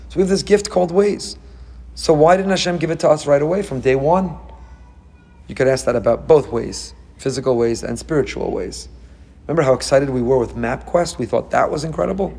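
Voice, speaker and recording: A man giving a sermon as a rabbi, animated and full of rhetorical questions, with Hebrew terms mixed in. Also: a little high, brisk, breathy edge.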